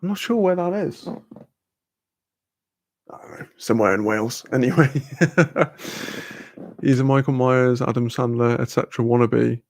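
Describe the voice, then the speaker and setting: Gravelly British man chatting casually. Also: medium pitch, moderate pace, long pauses, darkish tone, no room sound. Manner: rambling, swears freely, laughs often. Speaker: streamer chatting with viewers. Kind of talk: casual live-stream chat.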